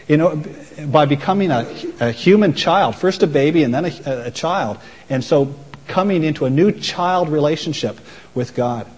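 Male pastor, earnest sermon delivery, a bit higher voice, long reverb. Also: darkish tone, breathy edge. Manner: earnest, emphatic preaching with quoted voices.

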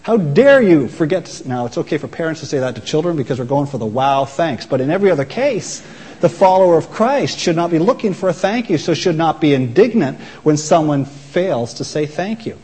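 A man's voice: fairly high pitch, lively intonation, brisk, warm tone, breathy edge. A man preaching a sermon as pastor, earnest and emphatic, quoting voices as he goes. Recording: long reverb of a hall.

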